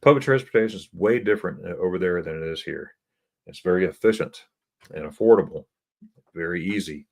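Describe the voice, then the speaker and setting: Deep male host, casual chatty storyteller, restarts a lot. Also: fairly quick, gravelly, a little mellow. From United States. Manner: chatty, laughs often, repeats words. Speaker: travel host. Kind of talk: casual live-stream storytelling.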